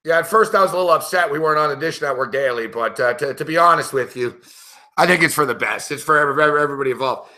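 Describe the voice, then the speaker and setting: A man's voice: fairly high pitch, rapid-fire, bright, forceful tone. A middle-aged man hosting a sports betting show, telling stories in a brash, profane, casual way and laughing often. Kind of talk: casual storytelling chat.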